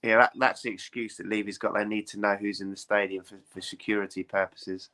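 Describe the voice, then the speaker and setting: Man, panelist, lowish bright voice, rapid chatty patter, leans on tag questions. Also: flat delivery. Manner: quick, chatty, asks for agreement with tag questions. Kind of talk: casual chat about football.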